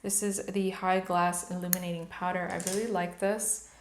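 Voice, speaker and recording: A woman's voice: fairly low pitch, level tone, moderate pace, echoey room. A woman in her thirties chatting candidly to camera while doing her makeup, opening up about personal matters. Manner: candid, chatty, emotional at times. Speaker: beauty vlogger.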